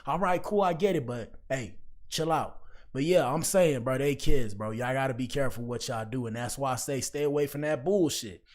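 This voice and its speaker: A man's voice: medium pitch, normal speed. A man talking casually to his chat as a livestream commentary host, rambling and slangy. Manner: rambling, slangy, addresses chat often with "bro".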